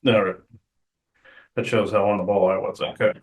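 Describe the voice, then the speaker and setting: Halting man hosting in an echoey room. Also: fairly low pitch, little pitch movement, muffled recording. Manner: halting, with many fillers and restarts. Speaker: channeler and show host. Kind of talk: casual chat. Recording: roomy echo.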